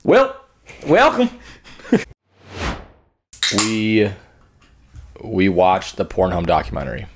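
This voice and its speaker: A man's voice: sits low, huge pitch swings, takes it slowly, pauses often, noisy background. A young man hosting a podcast, joking and teasing his co-hosts in crude casual chat. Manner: joking, teasing, laughs often. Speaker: podcast host.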